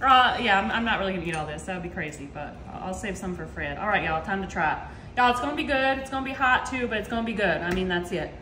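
A woman's voice: mid-range voice, expressive, fast talker, pushed and bright, echoey room, a little hiss or hum. A woman hosting a casual cooking video in her home kitchen, chatting to viewers and saying y'all a lot. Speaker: cooking channel host. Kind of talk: casual cooking vlog chat.

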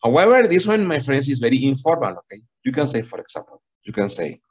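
Brief: husky-voiced man, English teacher on a video call, lively pitch, patient and repetitive. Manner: explains slowly, repeats "okay?" and switches into Spanish. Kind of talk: online language lesson.

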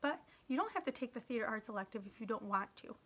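A woman's voice: fairly high pitch, animated, fast, fairly bright tone, slightly rough. A woman voicing an earnest, chatty schoolgirl who scolds her rude classmate, in a read-aloud story. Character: chatty bossy schoolgirl, peacemaker.

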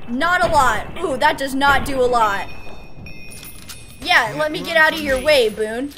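A woman streamer giving casual gameplay commentary, excitable and talking to herself, with yelps as she plays. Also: high-pitched, a little slow, noisy background. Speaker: gaming streamer.

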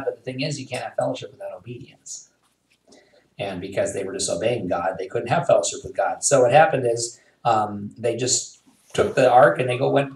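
A man preaching a sermon as pastor, retelling a story in a lively, conversational way with quoted asides. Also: fairly low pitch, far from the mic. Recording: roomy sound, voice a bit off-mic.

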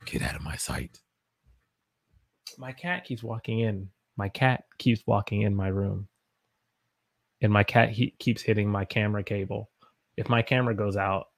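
A man's voice: lowish voice, gravelly. A man with an American accent teaching English in a casual livestream from his room at home, joking, laughing often and reading viewer comments aloud. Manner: playful, jokey, laughs often.

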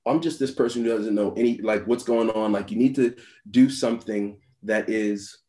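A man's voice: on the low side, fairly even intonation, warm tone. Rambling man telling a story, echoey room. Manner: halting, full of "like" fillers and restarts, laughs often. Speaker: meditation teacher. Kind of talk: personal storytelling in a dharma talk.

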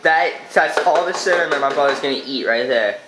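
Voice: mid-range voice, a little fast, roomy sound, low-quality recording. A person filming a home video, joking and narrating with amusement on a camcorder mic. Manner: amused, joking, bursts into laughter. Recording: home video with loud music behind.

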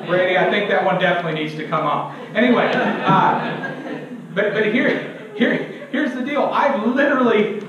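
Young male preacher, emphatic sermon, high voice, self-mocking jokes, heavy church echo, distant dull sound. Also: moderate pace, crowd noise. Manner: emphatic, asks the congregation to fill in words; self-deprecating humor. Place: church sanctuary.

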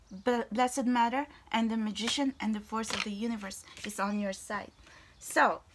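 A woman giving a tarot reading to her viewers, excitable and exclamatory, sometimes dropping to a whisper. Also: on the high side, normal speed, noisy background. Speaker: tarot reader.

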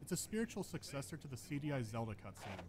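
A man narrating a scripted game review video with dry, deadpan commentary. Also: mid-range voice, fast, slight background noise.

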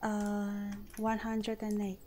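A woman's voice: mid-range voice, monotone, slow pace, a little mellow, a little hiss or hum. A young woman streamer chatting playfully as she plays, rambling and joking at herself. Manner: playful, rambling, self-mocking. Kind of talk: casual game-stream chat.

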